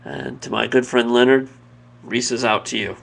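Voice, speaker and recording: Speaking steadily in a personal devotional talk, this man has a middling, heavily gravelly voice full of vocal fry. His tone is earnest and reflective, and he frequently stops and starts his thoughts over.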